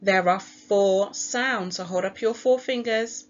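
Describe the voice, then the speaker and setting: A woman teacher giving a recorded phonics lesson to young children, sounding out each letter slowly and clearly in a British accent. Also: mid-range voice, dull audio. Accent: British English. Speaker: primary school teacher.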